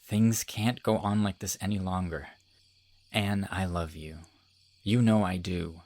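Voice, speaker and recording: A young man playing a devoted, sincere suitor in an audiobook, speaking quietly and with restraint. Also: deep voice, steady tone, a little slow, no room sound. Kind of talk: audiobook character reading.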